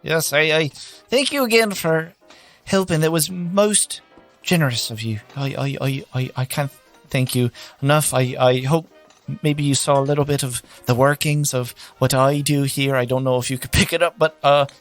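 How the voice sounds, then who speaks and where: A man's voice: on the high side, normal speed, soft background music, natural voice. A man voicing a jittery young starship engineer who stammers and repeats his words. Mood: flustered.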